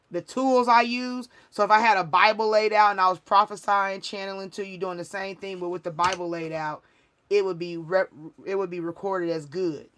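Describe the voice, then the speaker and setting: A woman's voice: medium pitch, fairly bright tone. Woman livestream host, spiritual reader, emphatic and preachy, casual and rambling.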